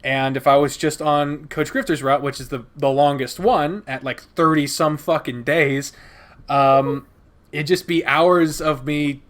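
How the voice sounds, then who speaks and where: A man's voice: a little high, steady tone, a little slow, a bit bright. A man chatting casually as a podcast guest, rambling and swearing, laughing often. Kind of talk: casual chat.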